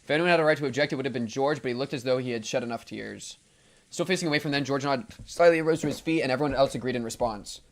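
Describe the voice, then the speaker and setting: A young man streaming a visual novel, reading the narration aloud and breaking off with slangy, excitable jokes. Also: mid-range voice, fast.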